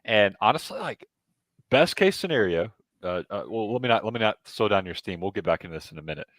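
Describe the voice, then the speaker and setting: A man co-hosting a sports podcast, talking casually and getting animated with quick asides. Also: fairly low pitch, dry recording. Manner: animated, excitable, jumps in with asides. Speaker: podcast co-host.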